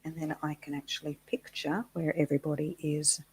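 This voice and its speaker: Australian female co-host, low voice, chatty and self-mocking. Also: level tone, brisk, darkish tone, slightly rough, low-quality recording. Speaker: co-host of a live chat stream. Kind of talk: casual live-stream chat.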